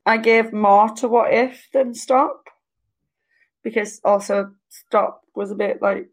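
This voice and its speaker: A woman's voice: medium pitch, fairly even intonation, takes it slowly. A woman co-hosting a podcast, chatting casually with enthusiasm and frequent murmurs of agreement. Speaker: podcast co-host. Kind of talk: casual chat.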